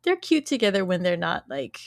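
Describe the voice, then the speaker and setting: A woman's voice: on the low side, big pitch swings, fairly quick, creaky, dry recording, studio quality. A woman co-hosting a podcast, recapping a TV episode in casual chat, laughing often and acting out quoted lines. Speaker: podcast co-host.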